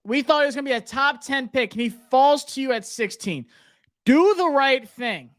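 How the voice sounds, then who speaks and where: A man's voice: very high-pitched, fairly quick. Young male streamer, jittery and keyed-up, live draft reactions. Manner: anxious, excited, talks to himself. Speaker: sports livestream host.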